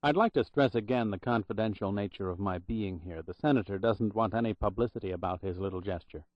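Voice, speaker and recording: Narrator as a low-key, guarded agent type, measured and quiet, dry muffled audiobook sound. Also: male voice, no echo, close to an everyday voice. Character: calm, guarded man posing as government official.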